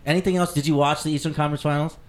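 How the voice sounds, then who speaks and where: A man hosting a casual podcast, ranting loudly with mock anger and lots of swearing. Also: a little high, steady tone, very fast. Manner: profane, loud mock-angry rants. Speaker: podcast host.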